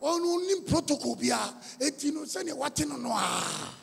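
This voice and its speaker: A man's voice: very high voice, big pitch swings, normal speed, vocal fry, slight background noise. A man with a Ghanaian accent preaching a storytelling sermon, with a repetitive, emphatic cadence. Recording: long reverb of a large hall.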